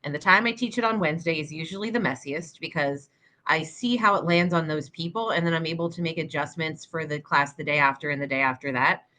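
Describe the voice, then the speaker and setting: A woman's voice: low-pitched, a little fast, sharp tone. A woman who teaches yoga, co-hosting a podcast in casual chat, talking emphatically and swearing for emphasis.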